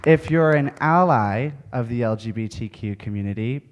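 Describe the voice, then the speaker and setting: A man's voice: medium pitch, normal speed, some chatter behind. A young man giving a speech to an audience, telling a candid personal story and laughing often as he goes. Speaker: speaker at an event. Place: auditorium with audience.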